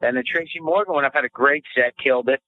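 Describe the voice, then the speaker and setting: A man's voice: medium pitch, fast talker. A male comedian talking brashly and profanely in casual radio banter. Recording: tinny phone-like radio audio.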